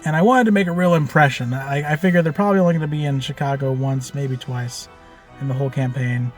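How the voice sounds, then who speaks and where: Speaking fast at a medium pitch, a man tells the story of a tabletop game he game-mastered, loose and animated, full of fillers and offhand swearing. Faint music plays behind him.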